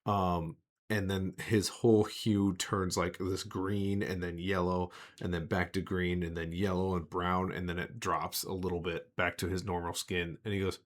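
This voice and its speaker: A man with a lowish voice running a tabletop game as game master. He narrates scenes and explains the rules in a loose, conversational way. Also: little pitch movement, moderate pace.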